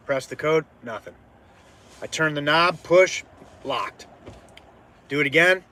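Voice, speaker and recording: A man hosting his own show, telling a personal story in a casual, animated way and swearing freely as it heats up. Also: fairly high pitch, a little slow, long pauses. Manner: animated, swears freely, swings from quiet to heated. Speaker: podcast host.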